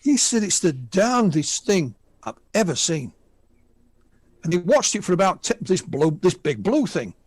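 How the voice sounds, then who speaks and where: High, sing-song and slightly rough, the voice belongs to a man in his sixties from northern England with a Northern English accent, speaking a little slowly and without echo. He is a guest on a radio show, a UFO researcher casually recounting what witnesses told him, peppered with asides.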